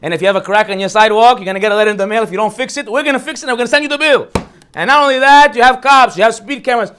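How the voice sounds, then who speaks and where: In an extremely high, clear, resonant voice, a rabbi rattles off a humorous Torah lecture at rapid-fire speed for a holiday class. Stories told with animation and rhetorical questions fill his talk.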